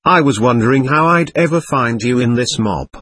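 A man reading the lines of a big, tough young soldier in an audiobook, blunt and rough-spoken. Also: mid-range voice, lively intonation, moderate pace, fairly bright tone, dry recording. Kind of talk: scripted audiobook narration.

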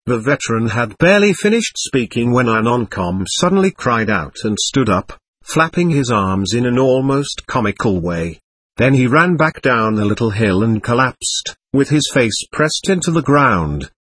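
A man's voice: mid-range voice, big pitch swings, normal speed, fairly bright tone, slightly rough, no room sound. A man narrating a war memoir in the first person, in a vivid, dramatic audiobook reading.

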